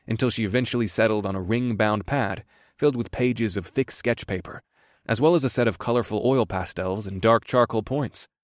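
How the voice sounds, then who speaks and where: A man's voice: on the low side, no room sound, clean studio sound. A man narrating a first-person audiobook in an amused storytelling manner.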